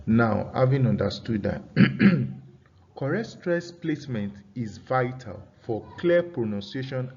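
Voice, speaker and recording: A man teaching an English pronunciation lesson, dictating deliberately and repeating key phrases so students can take notes. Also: mid-range voice, darkish tone, a little hiss or hum. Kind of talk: classroom-style dictated lesson. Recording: slightly dull lo-fi recording.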